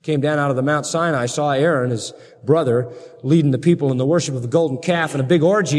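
Male preacher, animated storyteller, slightly high pitch, big hall echo. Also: fast talker. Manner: animated, dramatic Bible storytelling with voiced quotes. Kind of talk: sermon.

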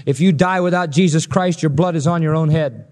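Animated high-voiced male preacher. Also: a little fast, long reverb tail. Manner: animated, dramatic storytelling with acted quotes. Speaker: pastor. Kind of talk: expository sermon.

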